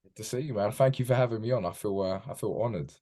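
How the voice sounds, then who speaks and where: Deep-voiced British guy, chatty. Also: fast talker, warm tone. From England. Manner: chatty, says "mate" often. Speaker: podcast guest. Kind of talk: casual podcast chat. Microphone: video call.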